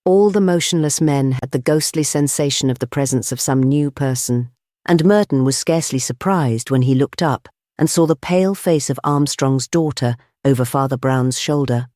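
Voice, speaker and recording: A man narrating an audiobook with a steady, measured delivery. His voice sits in a middle register, recorded close and dry with no room sound. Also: mid-range voice, no room sound. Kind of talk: scripted narration.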